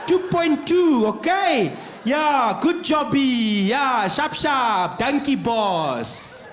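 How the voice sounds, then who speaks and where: A comedian voicing a white South African man loudly and patronisingly giving orders at a petrol station. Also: very high voice, animated, drawn-out words, roomy sound, slight background noise, pitched above the performer's own voice, heavily acted. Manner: loud, patronising, shouted pidgin.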